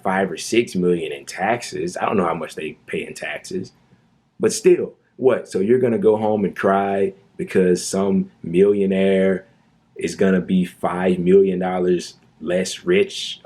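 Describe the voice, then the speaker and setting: Speaking at a measured pace, a commentary YouTuber rants through a monologue in a low, husky, mellow voice. His tone is indignant and sarcastic, and he keeps repeating his points for emphasis.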